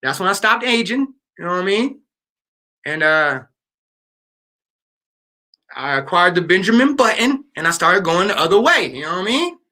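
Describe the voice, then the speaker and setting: A man's voice: sits high, sing-song, normal speed, long pauses, sharp tone. A man in his thirties chatting casually with viewers on a livestream, telling loose stories full of fillers and slang. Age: 30s. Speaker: livestream host.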